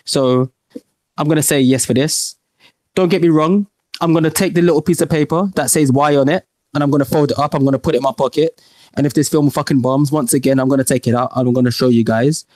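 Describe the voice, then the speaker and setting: A man's voice: on the high side, fairly even intonation, fast, darkish tone, dry recording. Rambling man, casual podcast banter. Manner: rambling, restarts, swears. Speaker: podcast co-host. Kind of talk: casual film chat.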